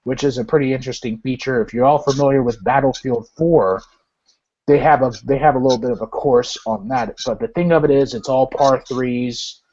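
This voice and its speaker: A man's voice: mid-range voice, fairly quick, darkish tone. A man chatting as a guest on a casual live video call, easygoing and repeating himself. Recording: muffled lo-fi webcam audio.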